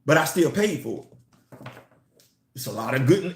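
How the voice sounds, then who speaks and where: A man's voice: fairly high pitch, big pitch swings, unhurried, reverberant, slight background noise. A man giving a casual, emphatic opinion vlog on comics and culture, repeating his phrases to drive points home.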